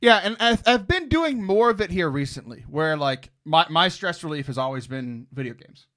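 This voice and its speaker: A man hosting a podcast in casual chat, animated and quick to laugh, often jumping up into high exclamations. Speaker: podcast host.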